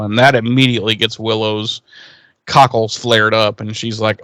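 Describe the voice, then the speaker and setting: A man's voice: lowish voice, steady tone, moderate pace, a bit bright, no echo. A man co-hosting a podcast, casually recapping an episode and acting out the characters' lines in a raised, swearing voice. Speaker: podcast co-host.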